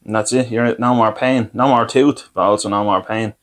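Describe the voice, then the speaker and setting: A man's voice: on the low side, fairly even intonation, fairly quick, a bit bright. An Irish man hosting a podcast, telling rambling, self-deprecating comic anecdotes and acting out what people said to him. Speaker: podcast host. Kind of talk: comic storytelling.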